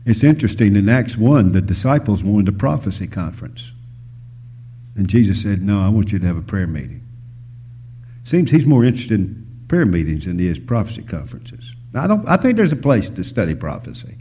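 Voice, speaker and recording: A man preaching a sermon, shifting between loud emphasis and hushed whispers, telling stories and asking the audience questions. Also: fairly low pitch, very animated, a little fast, slight background noise. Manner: storytelling, asks the audience questions.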